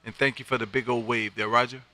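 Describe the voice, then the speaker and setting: A man from Texas, making ham radio contacts on a live stream from his radio room, loud, upbeat and quick to laugh. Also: medium pitch, level tone, noisy background. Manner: loud, upbeat, laughs often, friendly drawl.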